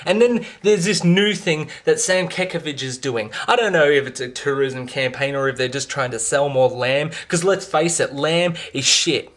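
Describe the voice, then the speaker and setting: Australian man, young, Australian accent, sweary, sarcastic rant, fairly high voice. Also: normal speed, hardly any pauses, fairly bright tone. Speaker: vlogger. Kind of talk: profane comedic rant.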